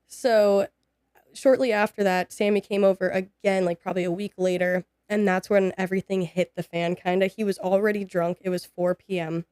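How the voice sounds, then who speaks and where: A young woman in her twenties tells her story on a podcast, slipping into quoted voices as she goes. Her voice is smooth and clear at a middle pitch. The sound is close and dry. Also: normal speed, no echo. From United States. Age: 20s. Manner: animated, acts out quoted dialogue. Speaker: podcast guest. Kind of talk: casual personal storytelling.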